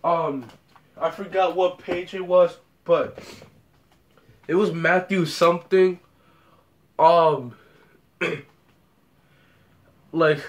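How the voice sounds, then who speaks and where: A man's voice: a little high, steady tone, slow, long pauses, a bit bright. A young man telling a story about a dream in a rambling way, repeating words and acting out the scenes. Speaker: vlogger.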